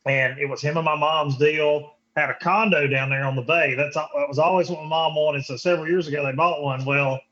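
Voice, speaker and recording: Male guest, fairly high voice, easygoing, slightly muffled call audio. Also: fairly even intonation, a little fast, hardly any pauses, a bit bright. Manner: laid-back, laughing easily. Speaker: guest, fellow show host. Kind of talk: casual chat on a call.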